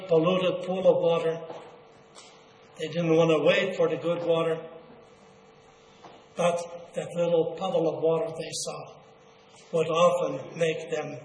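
Older preacher in an echoey hall. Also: male voice, on the high side, a little hiss or hum. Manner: slow, earnest, drawn-out delivery with quoted asides. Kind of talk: sermon. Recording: echoey hall, faint ambience.

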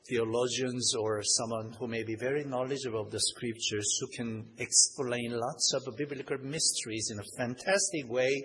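A man preaching a sermon, reading scripture aloud and punching key points with rising force. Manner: emphatic, rises in pitch and volume on key points; reads scripture in old-fashioned wording. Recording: long hall reverb, faint background noise.

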